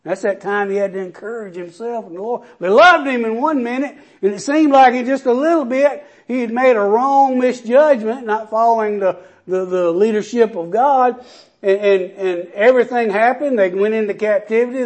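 A preacher with a high-pitched male voice delivers his sermon. He swings between soft, low passages and loud, climbing lines of scripture, leaning hard on key words. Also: moderate pace. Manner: impassioned preaching, rising and falling emphasis.

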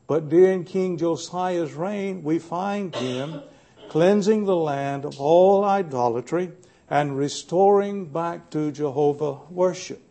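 A man preaching a Bible study sermon in a plainspoken, folksy way, pausing often to gather his thoughts. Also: fairly high pitch, vocal fry, dark tone. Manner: folksy, plainspoken with frequent "uh" pauses.

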